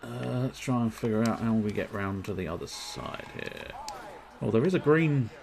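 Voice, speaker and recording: A man's voice: fairly low pitch, expressive, normal speed, gravelly, a little mellow. A man giving casual, jokey, sweary gameplay commentary while muttering to himself. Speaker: game streamer.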